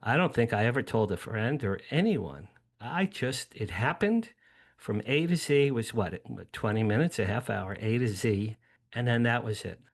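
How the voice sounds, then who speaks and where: An older man from New Jersey with a gravelly, creaky voice recounts a personal story as an interview guest. He speaks animatedly, doubles back often and restarts his sentences. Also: medium pitch, animated, normal speed. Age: 60s.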